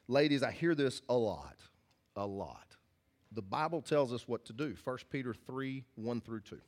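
A man preaches to his congregation at a middling pitch, earnest and folksy in manner. He doubles back, restarts his phrases and repeats them as he leans into each point. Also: lively intonation, normal speed. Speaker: pastor. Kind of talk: sermon. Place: church hall with congregation.

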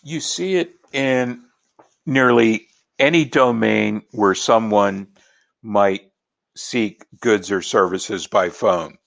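A man from Los Angeles, a professor, answering interview questions in a measured, explanatory way. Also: lowish voice, gravelly, a bit bright. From Los Angeles, United States. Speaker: linguistics professor.

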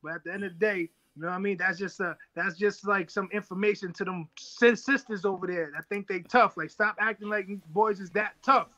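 A boxer in his thirties telling stories in a casual interview, animated and acting out other people's lines. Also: high voice, brisk, hardly any pauses, muffled recording.

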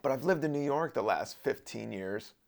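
A man's voice: medium pitch, expressive, moderate pace, vocal fry, a little mellow, slight background noise. A man from Southern Virginia hosting a podcast, rambling casually in a laid-back, profane monologue. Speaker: podcast host.

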